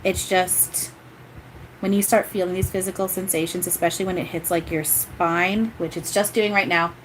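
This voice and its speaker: A woman's voice: fairly low pitch, steady tone, moderate pace, a little hiss or hum, poor audio. A young woman doing live spiritual readings on a stream, rambling and emotional with many restarts. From grew up Catholic. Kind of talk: live-stream chat and channeling.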